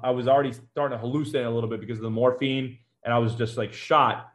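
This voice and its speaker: A man speaks quickly in a mid-range voice, recounting his own experience as a former Marine during an interview. He talks in a conversational, matter-of-fact way, with fillers and small restarts as he goes. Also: medium pitch, steady tone. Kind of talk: personal storytelling in an interview.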